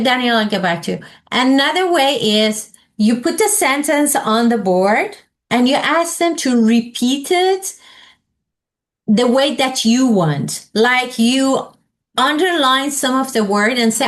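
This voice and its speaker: Slow, questioning woman trainer. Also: a little high. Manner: slow, questioning, models example sentences aloud. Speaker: ESL teacher trainer leading a session. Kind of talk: interactive teaching session.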